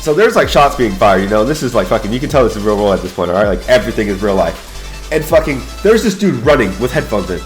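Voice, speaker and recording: A young man telling a wild story in a slangy, profane, excitable way, often calling his listeners bro. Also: on the low side, quick pace, soft background music. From United States. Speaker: YouTuber and Air Force veteran. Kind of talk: casual storytelling.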